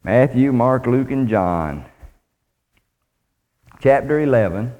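A man preaching in a folksy, plainspoken way, reading scripture as he goes. His voice sits at a middle pitch and carries a long reverb off the walls of a church hall. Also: animated, slow, a little mellow. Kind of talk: sermon.

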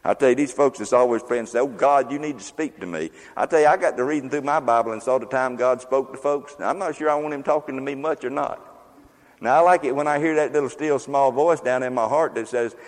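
An older male pastor delivers a sermon in a homespun, joking, chatty manner. His voice sits at an ordinary pitch for a man. It rings with the long reverb of a large church hall. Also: steady tone, fast talker. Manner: folksy, joking, conversational preaching.

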